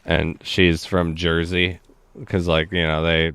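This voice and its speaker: Laid-back male stream host, low and smooth, dry close sound. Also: slow pace, no room sound. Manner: laughs often, swears, animated storyteller. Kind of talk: casual chat.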